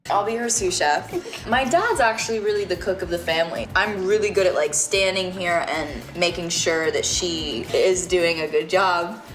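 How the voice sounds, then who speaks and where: A woman's voice: lowish voice, moderate pace. Giggly young woman giving a home tour. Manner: chatty, giggly, playful. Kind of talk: casual video tour. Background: music.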